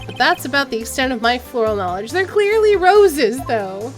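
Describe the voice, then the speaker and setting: A woman's voice: high voice, expressive, normal speed, few pauses, faint music behind. A woman streaming a game, making casual joking asides and laughing often. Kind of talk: casual let's-play commentary.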